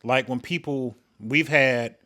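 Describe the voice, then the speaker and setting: A man with a Detroit accent, co-hosting a podcast and telling stories in a relaxed, blunt way. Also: medium pitch, slow. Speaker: podcast co-host. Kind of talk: casual chat.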